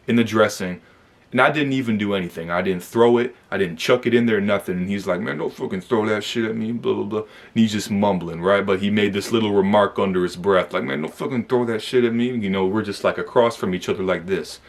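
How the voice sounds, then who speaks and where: A young man from Michigan telling a personal story to camera in a casual, conversational way, with frequent fillers and tag questions. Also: fairly low pitch. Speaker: vlogger recounting his youth incarceration.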